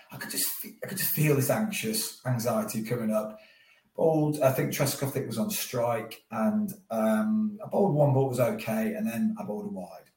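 Male guest, mid-pitched, lively raconteur, roomy off-mic sound. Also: distant mic. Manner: animated storyteller, acts out his own thoughts. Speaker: guest, former cricketer. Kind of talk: podcast interview storytelling.

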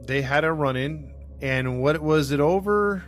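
A man hosting a podcast speaks at a measured pace in a voice on the high side, with soft music playing underneath. His retelling of a true crime case is rambling and full of fillers and restarts, and he voices the quotes as he goes.

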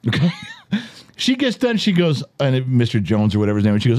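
Animated storytelling man, lively pitch. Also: fast. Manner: animated storyteller, swears, laughs often. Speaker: podcast host. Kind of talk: casual storytelling chat.

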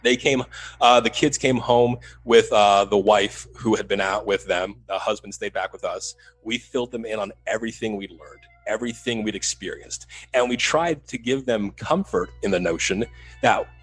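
A man who works as a paranormal investigator, telling the story of a haunting in an animated, building way in an interview. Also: fairly low pitch, normal speed, husky, soft background music, rough recording. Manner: animated retelling, rising to loud urgency.

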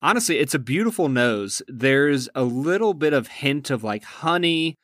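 A man's voice: mid-range voice, lively intonation, moderate pace, fairly bright tone, no echo, clean studio sound. A man co-hosting a whiskey review, asking curious questions in a laid-back way. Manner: curious, laid-back, uses filler words. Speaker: co-host. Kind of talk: casual review chat.

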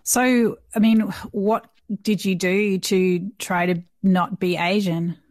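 A woman's voice: mid-range voice, steady tone, slow pace, a little mellow, dry recording. A woman interviewing a guest, asking thoughtful, probing questions.

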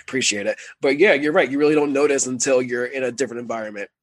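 A man co-hosting a casual podcast, upbeat and agreeable, telling stories and chiming in with quick affirmations. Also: medium pitch, fairly even intonation, no room sound. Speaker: podcast co-host. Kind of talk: casual reality TV recap chat.

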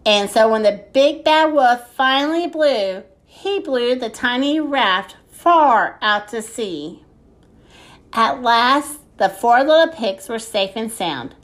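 A woman reading a children's story aloud in an unhurried, expressive way. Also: a little high.

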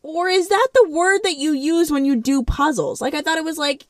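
A young adult woman co-hosting a comedic recap podcast, playful and quick to put on silly voices. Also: high voice, no room sound, studio quality. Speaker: podcast co-host. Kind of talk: casual comedic recap chat.

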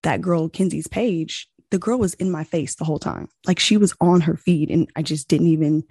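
A young woman chatting casually, telling a long story with animated retellings of quoted exchanges and lots of "like.". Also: deep voice, moderate pace, breathy edge, dry recording, clean studio sound. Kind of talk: casual chat.

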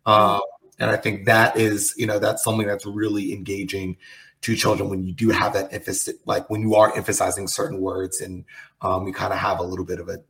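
A man hosting a casual podcast, talking in a relaxed, searching way with many fillers. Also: on the low side, fairly quick, creaky. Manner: relaxed, filler-heavy, thinking aloud. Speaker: host.

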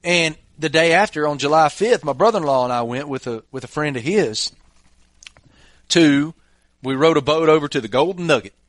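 A man's voice: on the high side, expressive, moderate pace, fairly bright tone, no echo. Middle-aged male podcast host, easygoing storyteller, dry close-mic sound. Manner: laid-back, chuckling anecdotes. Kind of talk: casual storytelling chat.

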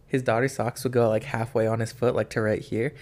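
A young man chatting casually, rambling and halting with lots of fillers. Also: medium pitch, little pitch movement, a little mellow. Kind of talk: casual chat.

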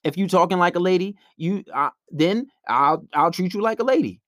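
A young man holds forth in a blunt, brash monologue and acts out the other side of each story. His voice sits high for a man. The sound is dry and close. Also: expressive, moderate pace, a bit bright, no echo. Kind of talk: casual opinionated monologue.

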